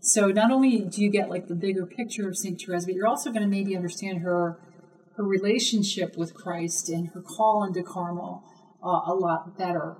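A woman's voice: fairly low pitch, darkish tone, far from the mic, a little hiss or hum, rough recording. Earnest woman co-hosting on the radio. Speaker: co-host discussing a book. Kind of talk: casual radio talk.

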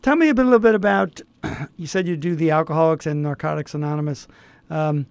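Gravelly-voiced male interviewer. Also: fairly high pitch, darkish tone, no echo. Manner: halting, reflective, many restarts and fillers. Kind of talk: interview conversation.

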